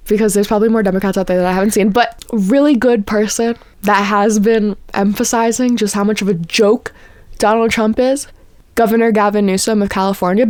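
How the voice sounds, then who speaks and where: A young woman giving heated, profane political commentary, exasperated and fast to swear. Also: fairly high pitch, a little mellow, dry recording.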